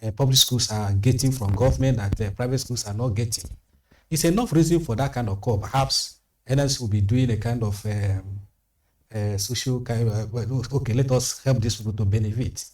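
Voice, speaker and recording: A man, a guest on a studio panel, speaking in a measured way and repeating phrases for emphasis. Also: mid-range voice. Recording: slightly distant mic.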